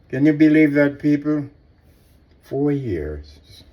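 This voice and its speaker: Slow, mellow man speaking with passion. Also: medium pitch. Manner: impassioned, repetitive, addresses listeners directly. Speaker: commentator. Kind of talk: personal commentary monologue.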